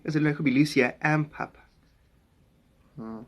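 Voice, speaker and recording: A man's voice: a little high, measured pace. Rambling South African man on a live stream. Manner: rambling and musing, greeting viewers by name. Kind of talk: casual live-stream chat.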